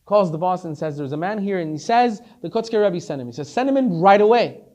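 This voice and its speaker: A rabbi teaching a class, a man telling a story in an animated way and acting out each character, repeating words as he gets excited. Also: sits high, a little fast. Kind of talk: storytelling Torah lesson.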